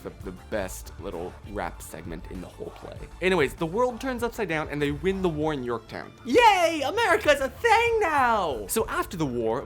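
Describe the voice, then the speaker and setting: A young woman narrating a comedic story recap in slangy, jokey talk with self-deprecating asides. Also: deep voice.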